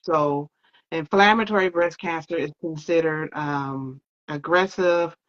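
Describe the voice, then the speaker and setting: A woman's voice: deep voice, a little slow. A woman telling her own story in an interview, talking conversationally and often quoting what others said to her. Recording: dull lo-fi sound.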